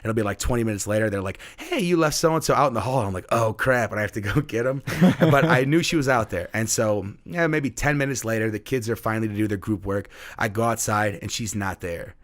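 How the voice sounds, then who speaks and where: A man, a middle school teacher, telling a story in casual conversation, animated and acting out the voices of the people in it. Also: fairly low pitch, fast talker, hardly any pauses. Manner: animated, acts out quoted voices.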